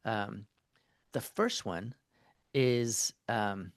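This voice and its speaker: Low gravelly man telling a story. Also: a little fast, dry recording. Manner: conversational storytelling, many fillers and restarts. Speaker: marriage therapist, podcast guest. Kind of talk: casual interview conversation.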